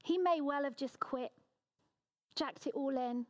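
A woman with a slightly high voice delivers a sermon to her church. She speaks earnestly and with emphasis, at a measured pace. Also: darkish tone. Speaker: preacher.

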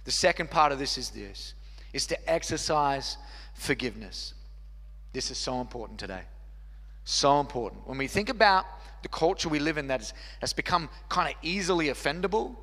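A man's voice: fairly high pitch, sharp tone. A man, preaching a sermon as pastor with an earnest, repetitive cadence. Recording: long reverb hall with faint music.

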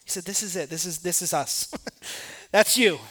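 A pastor preaches a sermon at normal speed in a high voice, climbing to emphatic peaks and dropping into quiet asides.

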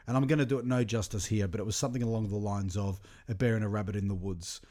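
A man talks through a comedy clip in a relaxed, reflective way. His voice is dark and mellow, and he stops and restarts now and then as he thinks. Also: on the low side, fast, few pauses. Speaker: commentator. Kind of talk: casual reaction commentary.

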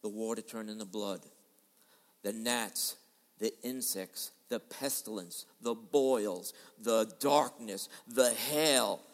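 A man preaching a sermon in a dramatic style, switching between loud and soft as he acts out quoted voices. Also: fairly low pitch, slow, long reverb tail. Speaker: pastor. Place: large church hall.

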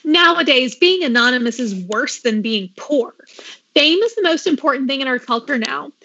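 A woman's voice: high-pitched, animated, moderate pace, pushed and bright, no echo, highs cut off, heavily acted. A woman reading the lines of an ambitious, fame-hungry teenage girl from a script, in an earnest, self-assured way.

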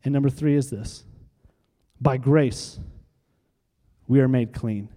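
A man's voice: medium pitch, slow pace, mellow, long reverb tail. A man pastor preaching a sermon, with emphatic repetition and call-and-response to the congregation.

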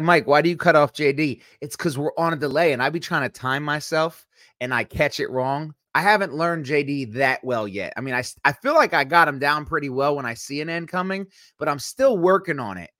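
Energetic man on a dry mic. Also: on the high side, no echo. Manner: energetic, quick to joke. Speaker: podcast co-host. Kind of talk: casual chat.

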